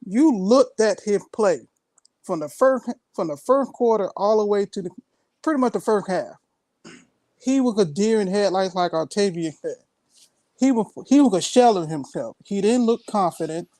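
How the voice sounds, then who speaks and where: A man co-hosting casual sports talk, blunt and quick to laugh. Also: sits high, animated, warm tone, no room sound. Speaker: co-host analyst.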